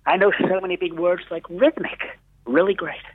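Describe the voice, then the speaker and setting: A man's voice: high voice, steady tone, normal speed, a little hiss or hum, pitched above the performer's own voice, natural voice. A man impersonating a brash, boastful older male politician, over a tinny phone line. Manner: repetitive, bragging, superlatives.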